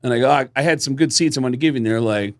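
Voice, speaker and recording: A man's voice: medium pitch, rapid-fire. A man co-hosting a podcast, telling stories in a casual chat, acting out the people he quotes and swearing freely. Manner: animated storyteller acting out quoted voices. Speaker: podcast co-host.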